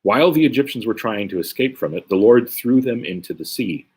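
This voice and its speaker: A Bible teacher with a medium-pitched, slightly rough voice leads a casual Bible study, talking fairly quickly and very animatedly. He reads scripture aloud and comments conversationally, often tagging his remarks with "right?"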